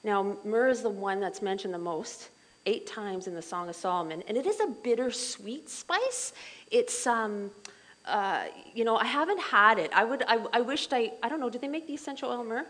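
A middle-aged woman leading a Bible study group in a chatty, animated way, full of asides and fillers. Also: a little high, moderate pace, poor audio.

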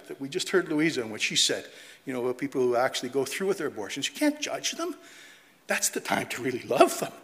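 Male preacher, middle-aged, animated sermon delivery, echoing hall. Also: mid-range voice, quick pace. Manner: animated, mocking quoted voices, reading scripture aloud. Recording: long hall reverb.

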